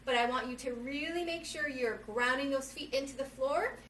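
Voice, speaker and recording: Bright-voiced woman leading kids' yoga. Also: sits high, normal speed, slight background noise. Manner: upbeat and encouraging, keeps calling the children "friends". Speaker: children's yoga instructor. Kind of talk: reading a storybook while leading kids' yoga. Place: at home. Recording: roomy sound from a distant mic with faint ambience.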